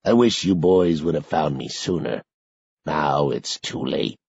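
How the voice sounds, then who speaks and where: A man doing a raspy, doddering old man. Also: big pitch swings, lo-fi sound, exaggerated voice. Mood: weary. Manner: slow, weary, deep-voiced. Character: frail doddering old man, resigned and sad.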